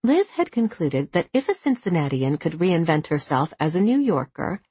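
A woman narrating a novel as an audiobook, with a measured, expressive reading. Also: fairly low pitch, slightly rough, dry recording. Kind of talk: scripted narration.

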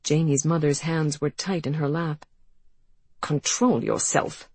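A woman reading an audiobook in an even, measured storytelling manner. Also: low-pitched, slightly rough, dry recording. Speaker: audiobook narrator. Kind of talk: scripted narration.

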